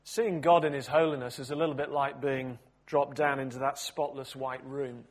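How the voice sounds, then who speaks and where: A man preaching a sermon, telling a story expressively with big swings in loudness. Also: mid-range voice, steady tone, moderate pace.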